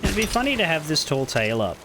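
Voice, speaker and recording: A male streamer chats casually over his game, joking and swearing in exasperation. His voice rises and falls lively. A faint noise hums under it. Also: a little high, quick pace. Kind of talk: casual gameplay commentary.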